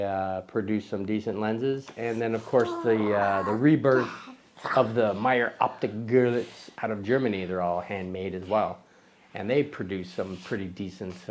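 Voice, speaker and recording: Speaking to camera in a fairly low voice, a man hosts a casual photography vlog. His talk rambles, pokes fun at himself, and is full of fillers and restarts.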